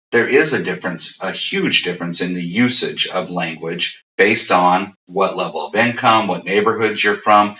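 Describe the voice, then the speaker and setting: A man's voice: fairly low pitch, bright, forceful tone. An American man answering interview questions casually, rambling with many fillers and restarts. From USA. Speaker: interview guest. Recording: roomy, distant, dull audio.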